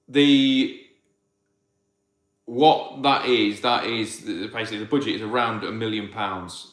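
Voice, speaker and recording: A man's voice: on the low side, fairly bright tone, echoey room. A man, a farmer answering viewer questions in casual livestream chat. He rambles with many restarts and rants when something irks him.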